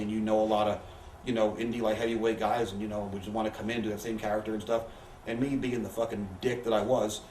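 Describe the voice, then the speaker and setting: Fast-talking man, roomy distant sound. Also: fairly low pitch. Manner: profane, rambling anecdotes with quoted voices. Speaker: interview guest. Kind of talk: candid storytelling. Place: living room. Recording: roomy, distant, faint background hiss.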